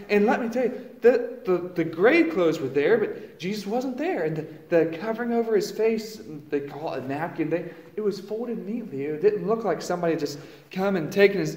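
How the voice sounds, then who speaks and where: A man preaching a dramatic first-person monologue, storytelling and swinging from hushed lows to loud exclamations, recorded in a church. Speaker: pastor. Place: church sanctuary. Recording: roomy echo.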